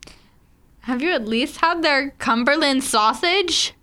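A woman's voice: high voice, unhurried, pushed and bright. A woman co-hosting a casual chat, rambling and full of fillers and self-corrections. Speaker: co-host.

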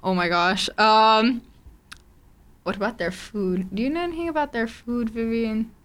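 A woman's voice: fairly high pitch, moderate pace, fairly bright tone. A woman co-hosting a casual chat, rambling and full of fillers and self-corrections. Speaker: co-host.

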